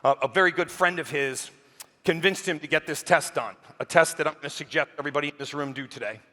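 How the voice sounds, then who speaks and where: A man giving a keynote speech on a conference stage, telling a story with lively acted-out quotes. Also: a little high, quick pace. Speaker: keynote speaker. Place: conference stage, large hall. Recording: long reverb of a large hall.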